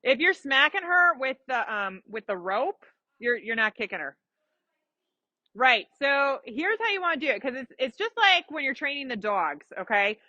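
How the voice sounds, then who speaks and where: A woman's voice: high voice, big pitch swings, moderate pace, sharp tone, no echo, highs cut off. A woman coaching a rider through a lesson, explaining patiently with examples and giving encouragement. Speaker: riding instructor. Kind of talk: live coaching during a riding lesson.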